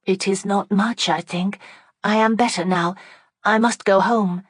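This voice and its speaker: A woman's voice: steady tone, unhurried, dry recording, lightly acted. A woman reading an audiobook, voicing an injured young woman who speaks faintly but insists firmly. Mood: pleading. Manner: low, faint yet insistent. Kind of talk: audiobook character voice.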